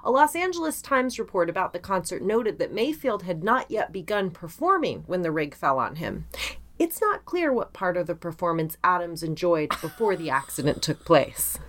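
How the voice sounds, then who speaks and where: A woman with a notably low speaking voice co-hosts a casual podcast. She talks in a chatty, animated way, piling on little asides as she tells a story. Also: moderate pace. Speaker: podcast co-host. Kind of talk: casual chat.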